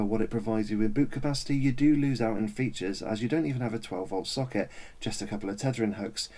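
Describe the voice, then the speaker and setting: A man, narrating a car review in a brisk, informative way. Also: medium pitch, mellow.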